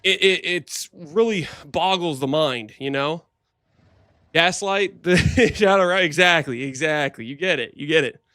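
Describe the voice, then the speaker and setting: Young male streamer host, high bright voice, playful and teasing, dry close sound. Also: unhurried, dry recording. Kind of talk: casual stream chat.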